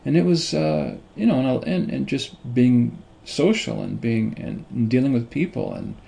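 A middle-aged man works through a Bible passage slowly, often stumbling over repeated words before pressing his point. His voice is dark and gravelly, with a rough fry under it. He asks rhetorical questions to drive home each lesson. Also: mid-range voice, very animated. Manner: halting, repeats words and restarts. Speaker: Bible teacher. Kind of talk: slow unscripted Bible teaching.

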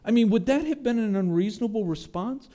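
A man preaching a sermon, earnest, his voice dropping low and soft on tender lines and lifting on prayers. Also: lively intonation, a little fast. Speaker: pastor.

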